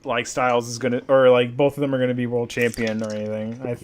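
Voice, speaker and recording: A man's voice: medium pitch, little pitch movement, quick pace, a little hiss or hum. A young man co-hosting a casual wrestling podcast, joking, swearing and mimicking people in silly voices. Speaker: podcast co-host.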